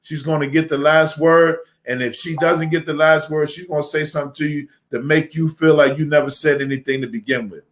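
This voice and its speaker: A man's voice: fairly high pitch, fairly even intonation, a little fast, hardly any pauses. A middle-aged man, an imam on a panel, giving casual, joking marriage advice with lots of fillers. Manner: joking, folksy, many fillers.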